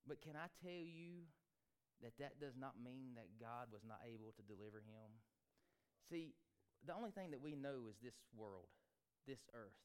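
A male pastor preaching a sermon fervently, swinging between loud peaks and hushed stretches. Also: medium pitch, animated, moderate pace, clear, resonant tone.

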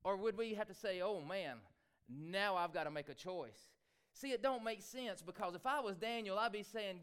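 A male preacher delivering a sermon, swinging between loud exclamations and hushed asides. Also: sits high, moderate pace, clean tone.

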